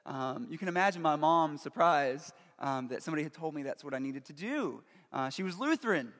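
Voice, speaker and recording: A man with a high-pitched voice delivers a sermon, telling a personal story in an earnest, emotional way with frequent fillers. His voice rings through a church sanctuary with a long reverb tail. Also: lively intonation, brisk, a bit bright. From Pittsburgh, USA. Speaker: pastor. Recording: long reverb of a large hall.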